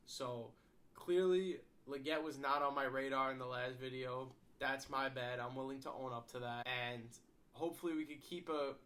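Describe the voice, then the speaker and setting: A young man speaks in an easygoing, conversational way, his voice plainly nasal and congested from being under the weather. The tone has a crisp, bright edge at a middle pitch, like a host casually running through notes for his audience. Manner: relaxed, conversational, owns up to mistakes. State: congested from a cold. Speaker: fantasy football video host. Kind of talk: casual solo commentary video.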